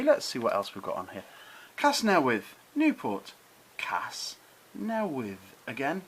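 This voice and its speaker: Casting note: middle-aged man, friendly hobby-channel host, lively up-and-down delivery, slight noise behind. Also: on the high side, rough recording. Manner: chatty, encouraging, drawn-out careful pronunciations. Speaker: model railway channel host. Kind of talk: casual explainer to camera.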